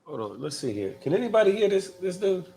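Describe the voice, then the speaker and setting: A man with a slightly raised voice hosts a live biker talk stream. He talks in a loose, profane way and keeps reading viewer messages out loud. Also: high voice, very animated, fast talker, husky. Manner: loose, reads viewer comments aloud, profane. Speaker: podcast co-host. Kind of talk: casual live-stream chat.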